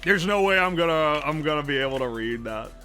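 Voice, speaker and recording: On a casual live stream with faint music behind him, a man with an Appalachian accent jokes around in a fairly high voice, talking a little fast. He's animated, reading his chat's messages aloud and answering them.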